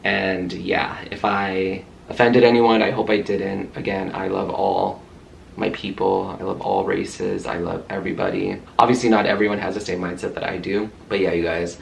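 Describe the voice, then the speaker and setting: Gravelly low-voiced man ranting. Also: slight background noise. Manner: heated, profane retelling. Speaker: vlogger. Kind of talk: casual storytelling to camera.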